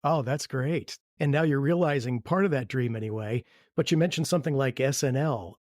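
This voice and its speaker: A man hosting a podcast interview, asking long, measured questions. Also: mid-range voice, a little mellow, no echo, clean studio sound. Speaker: podcast host.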